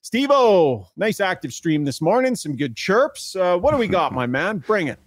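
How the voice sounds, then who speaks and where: A man hosting a sports podcast, upbeat and quick to laugh, moving briskly between segments and reading ads. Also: sits high, sing-song, dry recording, clean studio sound. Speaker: podcast host. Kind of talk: casual sports talk and ad reads.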